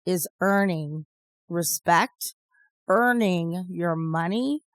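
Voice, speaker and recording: Slow-talking woman in her fifties. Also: lowish voice, no echo. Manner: rambling, storytelling, laughs often. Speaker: podcast co-host. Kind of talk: casual chat.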